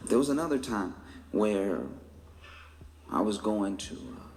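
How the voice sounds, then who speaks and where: A man's voice: lowish voice, animated, measured pace, a little mellow. A stand-up comedian, a man, telling a story in a conversational way and briefly acting out other people's voices. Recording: reverberant stage audio with faint noise.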